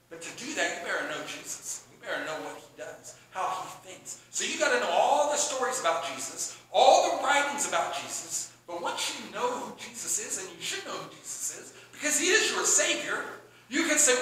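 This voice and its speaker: A man preaching a sermon in an animated, excitable way, often acting out both sides of a conversation. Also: sits high, moderate pace, very echoey, a little hiss or hum, poor audio. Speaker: pastor.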